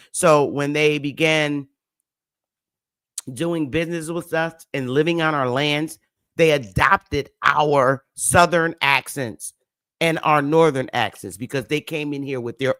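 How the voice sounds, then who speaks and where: A man talks on a livestream, pressing each point home and repeating words for weight. His voice sits fairly high and he speaks very slowly. The sound is dry and close. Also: fairly bright tone, no echo. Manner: slow, emphatic, repeats key words. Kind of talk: livestream talk.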